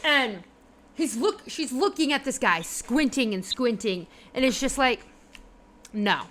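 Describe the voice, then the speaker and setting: A woman runs a tabletop game for a stream, narrating in a somewhat high voice. She talks slowly and rambles with many fillers. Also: animated, fairly bright tone. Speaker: game master.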